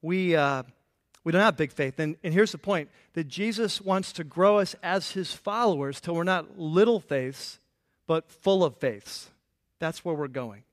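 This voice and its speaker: High-voiced animated male preacher. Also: a little slow. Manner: animated, playful, acts out quotes. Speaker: pastor. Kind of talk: sermon.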